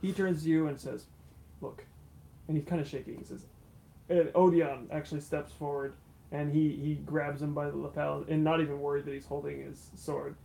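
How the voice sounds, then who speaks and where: Gravelly game master narrating. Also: male voice, a little high, a little fast, slight background noise, rough recording. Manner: relaxed, laughs often.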